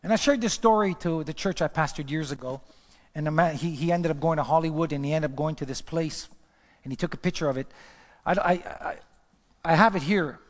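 A man preaching a sermon, telling a personal story in a lively way and jumping his voice up when he acts out what he said. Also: fairly high pitch, a little fast. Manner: animated storytelling, voice jumps up when acting out his own words. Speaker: pastor. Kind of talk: sermon testimony. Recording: long hall reverb.

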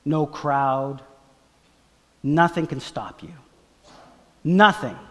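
A man preaches with a fairly high voice, dropping to hushed tones and then climbing to excited shouts as he acts out the story. His sermon rings with the long reverb of a church hall. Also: very slow. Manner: dramatic, swings from hushed to shouting. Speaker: pastor.

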